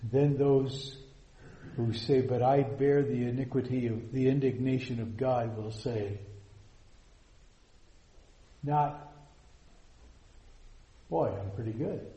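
A man preaching a sermon, slow and emphatic, dropping to hushed lines and rising to loud, soaring quotations. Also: mid-range voice, echoey room, rough recording. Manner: slow, drawn-out emphatic delivery.

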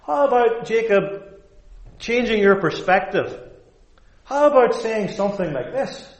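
A man's voice: high-pitched, animated, measured pace. A man preaching a sermon in a church, emphatic and fond of rhetorical questions. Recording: echoey room.

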